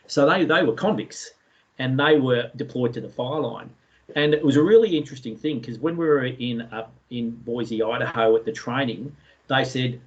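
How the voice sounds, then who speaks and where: An Australian man telling a story in a relaxed way, with many fillers, as a guest speaker in an online session. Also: medium pitch, moderate pace, highs cut off. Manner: chatty, anecdotal, many fillers.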